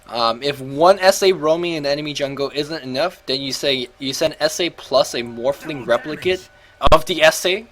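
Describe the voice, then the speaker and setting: A man's voice: on the high side, a bit bright. Chatty man commentating a game. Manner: chatty, self-correcting, thinking aloud.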